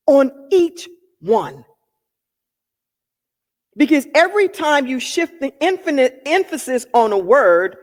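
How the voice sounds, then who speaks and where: A woman's voice: high-pitched, long reverb tail. A woman minister giving a sermon, emphatic and repeating key phrases for weight.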